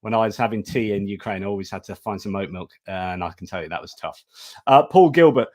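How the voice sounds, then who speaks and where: A man's voice: lowish voice, fast talker, a little mellow, no room sound, studio quality. A man hosting a live stream over a video call, chatting casually and thanking supporters with frequent restarts. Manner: chatty, many restarts and fillers.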